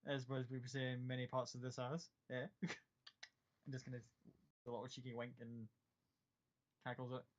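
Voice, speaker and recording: A man narrating as game master of a tabletop game in a relaxed, descriptive way. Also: medium pitch, brisk. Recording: dull lo-fi sound.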